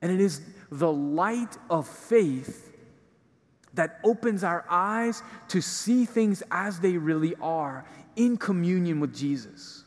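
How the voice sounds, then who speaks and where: In a reverberant hall, a male preacher delivers a conversational homily in church, explaining things with casual fillers. His voice sits high and expressive, and he speaks at a slow pace.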